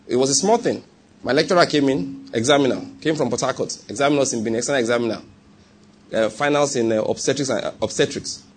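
This mid-range male voice moves fast, with a little hiss or hum on the audio. He's a Nigerian-accented preacher recounting a personal story in his sermon, speaking conversationally and often asking whether the congregation follows.

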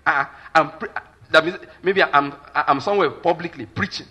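Nigerian pastor, male, forceful husky voice, preaches emphatically with constant check-ins. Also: on the high side, normal speed, muffled recording. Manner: emphatic, keeps asking the listeners if they follow. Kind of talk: sermon.

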